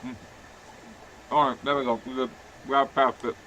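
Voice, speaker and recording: A man's voice: medium pitch, highs cut off, a little hiss or hum. A man hosting a casual livestream, chatting and laughing with friends while eating hot sauce on nuggets. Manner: laughing, animated, quick asides. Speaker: stream host.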